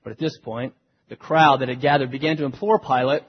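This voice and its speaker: Preacher guy, husky-ish voice, kinda high, goes quiet then loud, big echoey hall. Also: fairly even intonation, fairly quick. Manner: dramatic, swings between hushed and loud delivery. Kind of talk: sermon retelling a scripture story. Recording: dull recording with long hall reverb.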